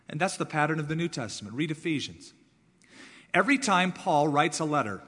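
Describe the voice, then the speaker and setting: A man preaching with force, repeating words to drive each point home. His voice sits a touch high and slightly husky. It carries the long reverb of a large sanctuary. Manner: emphatic, repeats words for stress, shifts between loud and soft. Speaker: pastor. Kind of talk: sermon.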